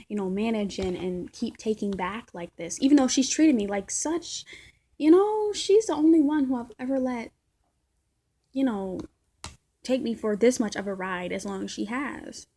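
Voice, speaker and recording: A woman's voice: a little high, animated, moderate pace, warm tone, slightly rough. A young woman vlogging about her relationship in a rambling, reflective way, often restarting her sentences. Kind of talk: personal confessional vlog.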